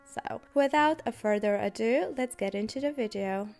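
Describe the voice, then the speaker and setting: A woman's voice: fairly high pitch, moderate pace, gravelly, darkish tone, faint music behind. A woman with the flu and a nasal voice, giving a sarcastic, chatty commentary in a reviewing video. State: has the flu. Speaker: TV series reviewer.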